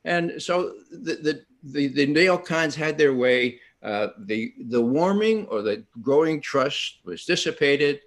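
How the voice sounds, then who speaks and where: Older man telling stories with lively intonation. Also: fairly high pitch, slow pace, few pauses. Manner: animated, acts out quotes, frequent restarts. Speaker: panel speaker. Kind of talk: storytelling talk at an online event.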